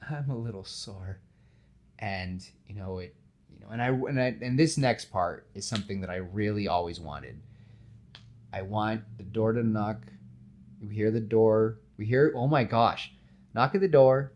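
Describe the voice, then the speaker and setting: A man hosting a podcast, casually pitching a film scene with animated storytelling and lots of fillers. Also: normal speed. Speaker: podcast host.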